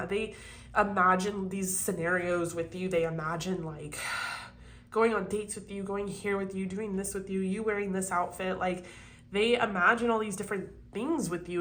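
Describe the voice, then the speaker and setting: A woman's voice: mid-range voice, a bit bright, slight background noise. Chatty woman reading tarot cards. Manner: chatty and swearing, talks to viewers. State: sniffling from allergies. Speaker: tarot reader. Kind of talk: casual tarot reading monologue. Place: home, kept quiet for sleeping child.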